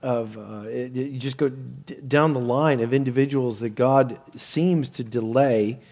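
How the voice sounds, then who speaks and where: A middle-aged man preaching a sermon, animated and rising to near-shouts when he quotes people. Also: mid-range voice, unhurried.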